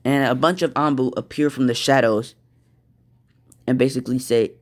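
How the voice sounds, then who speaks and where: A man telling an improvised fan story, slow and halting, with fillers. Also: medium pitch, steady tone.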